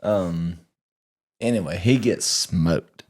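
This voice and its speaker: A man's voice: low voice, slow pace. A man in casual podcast chat, telling rambling stories about being a dad, with lots of restarts and stammers. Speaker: podcast co-host.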